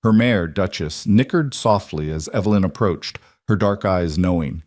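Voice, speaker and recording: A man giving scripted narration of a frontier romance story in a steady, even manner. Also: sits low, moderate pace, no echo, studio quality.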